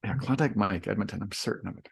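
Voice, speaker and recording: A man's voice: lowish voice, fast, creaky, slightly rough. A man co-hosting a casual podcast, a jokey improviser prone to rambling tales. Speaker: co-host. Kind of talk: casual chat.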